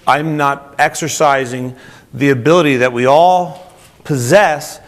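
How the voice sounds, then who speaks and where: Speaking at an unhurried pace in a medium-pitched voice, this New Jersey man delivers a lively motivational talk to a group. He keeps turning to the audience with questions.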